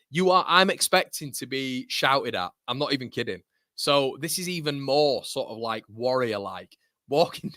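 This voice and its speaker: A young man, hosting a live football watchalong and chatting to viewers in an animated storytelling way. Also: medium pitch, no echo, clean studio sound. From Leeds. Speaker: watchalong host. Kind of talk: casual live stream chat.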